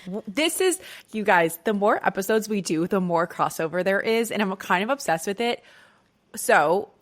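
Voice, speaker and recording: A woman's voice: medium pitch, expressive, normal speed. A woman co-hosting a casual podcast, chatty and jokey, reacting and asking questions, with lots of "like". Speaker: podcast co-host. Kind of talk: casual history podcast chat.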